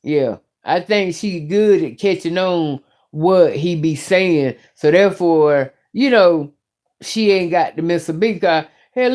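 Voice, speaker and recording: A woman's voice: lowish voice, darkish tone. A middle-aged woman hosting her own YouTube channel, talking in a blunt, profane, rambling way as she rants casually to her viewers. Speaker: YouTube commentary host. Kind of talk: casual rant to camera.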